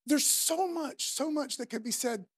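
A woman preaching a sermon, emphatic and repetitive, building from quiet to loud and passionate. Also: high-pitched, moderate pace, husky, no room sound.

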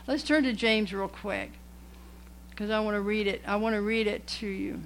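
A woman's voice: medium pitch, fairly even intonation, moderate pace, slight background noise, poor audio. A woman preaching a sermon in a folksy, emphatic way, often rambling and restarting her sentences.

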